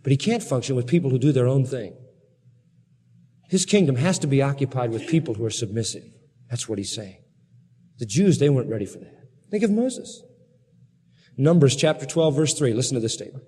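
A man's voice: medium pitch, fairly quick, slightly rough, in a large hall. A man preaching a sermon, retelling Bible stories dramatically and acting out quotes. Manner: animated, dramatic Bible storytelling with voiced quotes.

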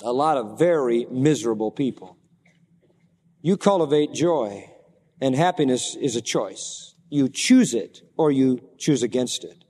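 A man's voice: mid-range voice, animated, unhurried, dark tone. A man preaching a sermon, emphatic, repeating key phrases for stress. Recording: long reverb of a large hall.

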